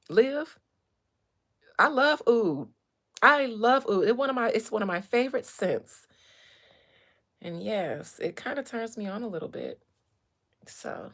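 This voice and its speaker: A woman hosting a casual livestream, telling stories in a candid, animated way with blunt language. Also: fairly high pitch. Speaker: real estate agent and livestream host.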